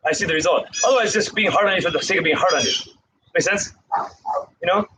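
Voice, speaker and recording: Breathless man counting push-ups, high-pitched. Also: fast talker, noisy background. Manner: rambling, breathless counting between stories. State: out of breath from exercise. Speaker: karate instructor. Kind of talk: casual talk while doing push-ups.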